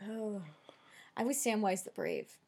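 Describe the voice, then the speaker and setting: A woman co-hosting a podcast, recapping a TV episode in casual chat, animated and swearing casually as she acts out lines. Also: mid-range voice, a little slow, slightly rough. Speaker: podcast co-host.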